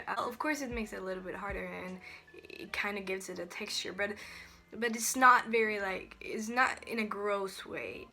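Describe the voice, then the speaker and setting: A woman's voice: mid-range voice, bright, forceful tone. A young woman with a Swedish accent, chatting casually through a review of used-up beauty products and often restarting her sentences. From Sweden. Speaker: beauty vlogger.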